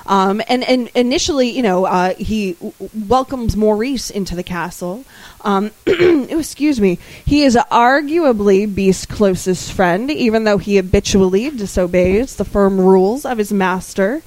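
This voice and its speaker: A woman's voice: mid-range voice, expressive, a little slow, darkish tone, no echo, poor audio. A woman co-hosting a podcast in casual chat, rambling and often searching for her words. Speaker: podcast co-host.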